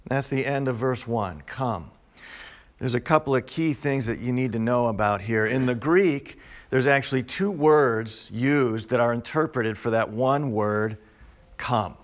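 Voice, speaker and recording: A man's voice: mid-range voice, measured pace, lo-fi sound. A man teaching a Bible study class in a conversational way, repeating key words with emphasis for the group.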